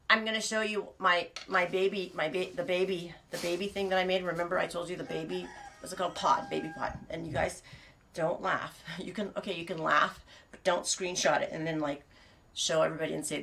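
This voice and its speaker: A woman's voice: fairly low pitch, fairly even intonation, brisk, bright, forceful tone, a little hiss or hum. Chatty woman rambling on a live stream. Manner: chatty, digressive, laughs often, many restarts. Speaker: sheep farmer and knitting vlogger.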